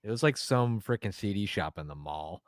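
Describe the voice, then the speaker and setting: A man's voice: fairly low pitch, animated, normal speed, no echo, studio quality. A man hosting a podcast in casual chat, mostly giving short agreeing replies. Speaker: podcast host.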